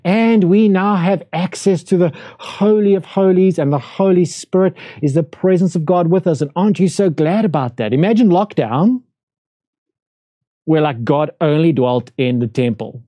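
Dark, mellow-voiced male pastor preaching. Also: fairly high pitch, no room sound. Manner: conversational, with rhetorical questions to the congregation. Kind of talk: livestreamed sermon. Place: church room, during lockdown.

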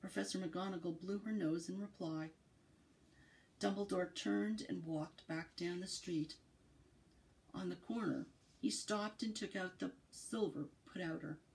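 A woman's voice: fairly low pitch, unhurried, vocal fry, low-quality recording. Woman reading a children's story aloud. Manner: expressive, storytelling cadence. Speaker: library storyteller. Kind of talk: children's book read-aloud.

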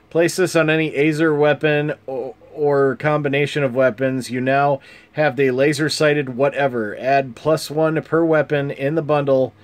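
A man hosting a casual card game review, reading cards in an amused, chuckling, unhurried way. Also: medium pitch. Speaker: channel host.

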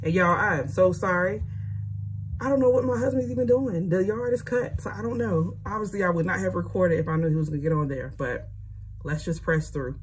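A woman's voice: fairly low pitch, fairly quick, a little hiss or hum. A woman casually reading scripture aloud and adding chatty commentary. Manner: chatty, conversational asides and fillers. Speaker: Bible reading host.

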